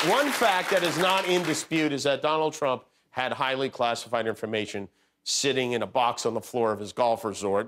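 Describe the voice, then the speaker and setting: A man's voice: medium pitch, fairly bright tone. A man delivering a joking late-night monologue as host in a TV studio. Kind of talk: comedic monologue. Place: TV studio with live audience. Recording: studio audience noise.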